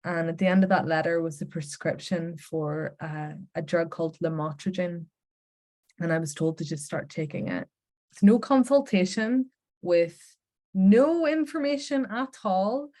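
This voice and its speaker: A woman with a Northern Irish accent tells her personal testimony, earnest and heartfelt. Her voice sits on the lower side. She speaks with plain conviction about faith. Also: measured pace, dark tone. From Northern Ireland.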